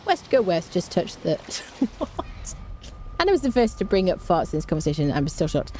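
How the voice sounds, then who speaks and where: A woman's voice: on the low side, very animated, moderate pace, darkish tone, a little hiss or hum. A woman streaming a video game with casual, chatty commentary, humming little tunes as she plays. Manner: chatty and playful, hums tunes while playing. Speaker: gaming streamer. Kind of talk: casual let's-play commentary.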